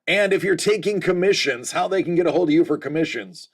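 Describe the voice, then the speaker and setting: An American man hosts a livestream, chatting casually and jokingly with viewers and addressing them by name. His voice sits high, with a quick pace and a breathy edge.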